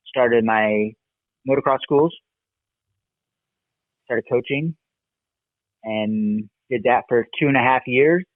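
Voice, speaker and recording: A man's voice: medium pitch, gravelly, no room sound. Man on a tinny dry line. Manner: relaxed, rambling recollection with fillers. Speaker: guest, motocross racer and coach. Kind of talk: casual interview storytelling.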